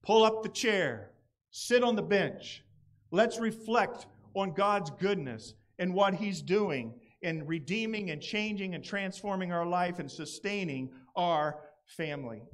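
A man preaching a sermon to his congregation, animated and playful, sometimes putting on voices when quoting. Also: high voice, unhurried. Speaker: pastor. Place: church gathering outdoors.

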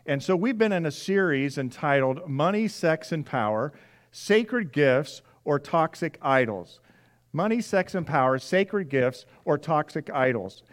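A pastor preaching a sermon in a church, talking to the congregation in a conversational way, repeating key phrases and acting out little scenes. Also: male voice, fairly high pitch, expressive, measured pace. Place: church sanctuary.

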